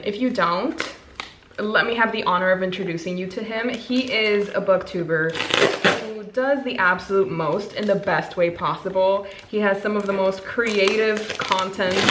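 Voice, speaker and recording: A woman's voice: mid-range voice, a little hiss or hum. Bubbly woman vlogging in an echoey room. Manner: bubbly, gushing, quick bursts of excitement. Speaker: book vlogger. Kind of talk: casual chat to camera.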